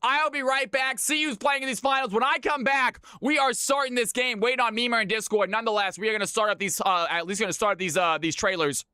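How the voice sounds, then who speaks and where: A man's voice: very high voice, brisk, hardly any pauses, bright, forceful tone, smooth, no echo, studio quality. A man hosting and casting a live game stream, chatty and hyped, laughing often as he talks to viewers. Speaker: stream host and caster. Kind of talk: casual live-stream chat.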